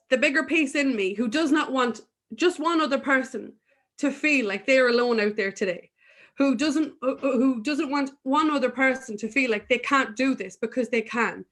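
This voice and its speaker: Woman, guest, fairly high voice, earnest, emphatic, candid spiritual talk. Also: fairly bright tone. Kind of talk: spiritual conversation.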